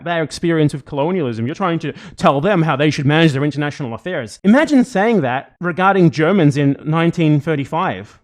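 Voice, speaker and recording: A man streaming live, reacting to a video with angry, exasperated commentary full of swearing. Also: on the high side.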